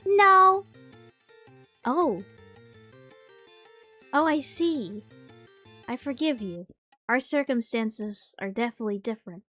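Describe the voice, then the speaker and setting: A woman vtuber chatting casually on stream, rambling and self-interrupting in an animated way. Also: on the high side, unhurried, pauses often, soft background music.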